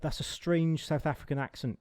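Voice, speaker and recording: A man's voice: on the high side, steady tone, a little fast, crowd noise. A man hosting a podcast, chatting and teasing his guest with many restarts. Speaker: podcast host. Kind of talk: casual interview chat.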